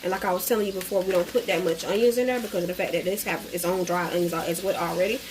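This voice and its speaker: A woman's voice: fairly low pitch, a little hiss or hum. Chatty woman cooking vlogger. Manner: chatty, folksy, calls viewers baby and y'all. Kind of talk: casual cooking vlog.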